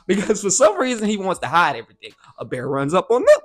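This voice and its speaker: A man's voice: high voice, wildly swooping pitch, fast talker, fairly bright tone, soft background music. A man giving a casual, slang-filled anime reaction and review, often asking "you feel me".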